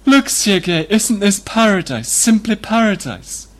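Male reader voicing a passionate young woman, pitched up, coaxing and pleading. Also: big pitch swings, moderate pace. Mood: rapturous.

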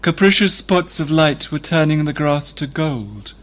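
A man reading a novel aloud in a measured, descriptive way. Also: on the high side, lively intonation. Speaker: reader.

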